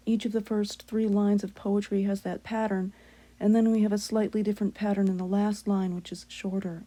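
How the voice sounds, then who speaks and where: A woman giving a calm, careful lesson, explaining a Latin hymn step by step. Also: mid-range voice. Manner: slow, careful, measured delivery.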